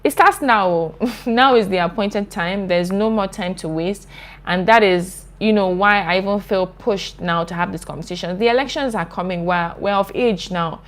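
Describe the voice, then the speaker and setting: A woman's voice: medium pitch, moderate pace. Earnest young woman vlogger. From Nigeria. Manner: earnest, impassioned, chatty with frequent "like". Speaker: YouTuber host. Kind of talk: live video reading viewer comments.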